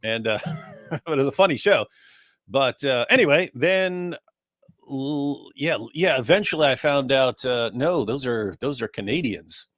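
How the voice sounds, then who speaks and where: A man's voice: medium pitch, expressive, unhurried, a bit bright, no echo, clean studio sound. A man co-hosting a reaction show in casual, rambling chat, joking and telling stories. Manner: rambling, jokey, many fillers and restarts.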